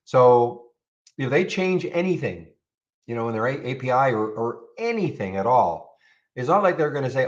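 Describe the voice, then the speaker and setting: A medium-pitched man speaks at normal speed in a sing-song way, with the highs cut off. He runs a live trading-room stream, chatting casually over charts, fielding viewer questions and repeating words frequently.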